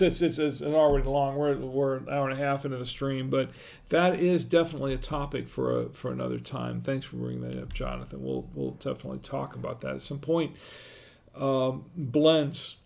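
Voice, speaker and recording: A man's voice: medium pitch, gravelly, darkish tone. A man hosting a wine tasting livestream, talking casually and thinking aloud as he reads viewer comments. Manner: rambling and conversational, thinking aloud.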